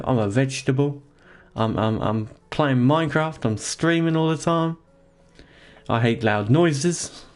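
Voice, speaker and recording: Joking man streaming from his office. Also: on the high side. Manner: joking, rambling, laughs often, talks to chat. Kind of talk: casual live-stream chat while gaming. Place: home office.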